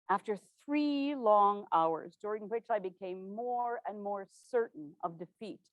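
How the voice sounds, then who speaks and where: An earnest widow from the 1860s, portrayed by a woman, tells her story in a first-person historical portrayal. Her diction is formal and measured, and her pitch sits in the middle range. The sound is dry, with no room echo. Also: muffled recording, natural voice. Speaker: living historian.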